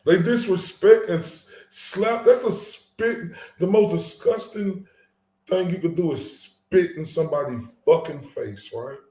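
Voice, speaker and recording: A man's voice: sits high, measured pace, warm tone. Angry profane man ranting in an echoey room. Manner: profane, angry and emphatic, stumbling restarts. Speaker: commentary channel host. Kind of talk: heated casual commentary.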